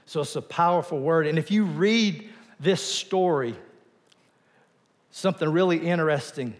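A man's voice: on the high side, moderate pace. Man preaching in a reverberant hall. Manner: conversational, rhetorical questions, drops to quiet emphasis. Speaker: pastor. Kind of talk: sermon.

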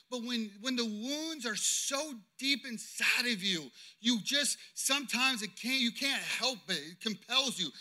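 A man preaches a sermon, swinging between forceful declarations and quiet, confiding stretches. His voice sits very high for a man and rings with a bright, piercing edge. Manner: impassioned preaching, swinging from loud to hushed. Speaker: pastor.

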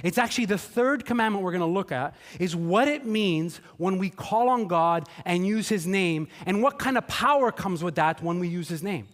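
A man's voice: high-pitched, animated, normal speed, hardly any pauses, a bit bright. A man preaching a sermon in a chatty, joking way, acting out quotes in playful voices. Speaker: pastor. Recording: long hall reverb.

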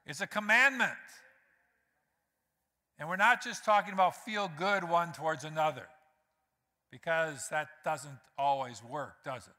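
A man's voice: a little high, moderate pace, pushed and bright. A man preaching a sermon as pastor, conversational and direct with the congregation, acting out quotes. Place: church sanctuary. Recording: reverberant church hall.

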